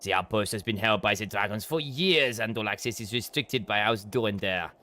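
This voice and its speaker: A man's voice: lowish voice, moderate pace, sharp tone, voice pushed down. A man voicing a courteous noble lord with a French accent, in a game voiceover. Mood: formal.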